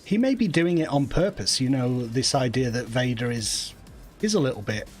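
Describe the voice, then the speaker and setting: A man chatting casually while streaming a video game, relaxed and wry. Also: mid-range voice, moderate pace, faint music behind. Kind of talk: casual gaming livestream chat.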